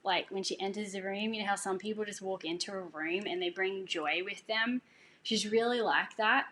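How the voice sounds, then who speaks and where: Woman, casual testimony, earnest, emotional, mid-pitched voice, faint background hiss. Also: moderate pace, fairly bright tone. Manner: earnest and emotional, laughing as she talks. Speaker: singer sharing a testimony.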